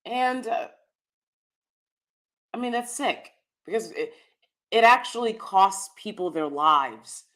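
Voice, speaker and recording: A woman's voice: medium pitch, animated, slow, long pauses, fairly bright tone. A woman hosting a live-stream commentary, talking straight to her viewers in an emphatic, chatty way and repeating her key phrases for stress. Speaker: host.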